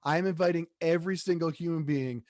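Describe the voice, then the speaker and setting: A man's voice: fairly high pitch, brisk, darkish tone, dry recording. A man co-hosting a casual chat show, joking and rambling with repeated words. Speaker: co-host.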